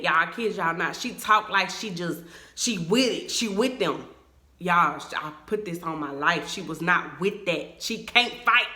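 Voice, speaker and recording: A young woman tells her viewers a story, animated and emphatic. Her voice is bright and forceful, and it bounces around an echoey room. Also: fairly low pitch. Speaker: vlogger. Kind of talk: storytime vlog.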